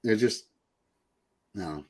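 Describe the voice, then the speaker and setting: A man with a lowish, darkish voice talks very slowly. He's a podcast host in casual chat, rambling and swearing and putting on mocking voices.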